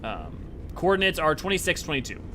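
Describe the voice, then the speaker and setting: A young adult man streaming a game and chatting casually with viewers in an animated, rambling way. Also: on the high side, a little fast, over music. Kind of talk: casual live-stream chat.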